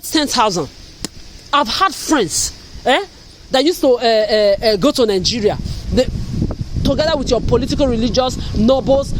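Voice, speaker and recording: A woman's voice: fairly high pitch, a little hiss or hum, low-quality recording. Woman, from Africa, angry vlog rant, cursing, repetitive, accusatory. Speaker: vlogger.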